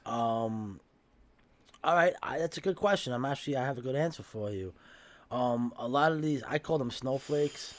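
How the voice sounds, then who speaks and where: A man's voice: medium pitch, moderate pace. A middle-aged man with a thick Brooklyn accent, a podcast guest chatting bluntly and swearing freely. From Brooklyn, New York. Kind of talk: casual podcast chat.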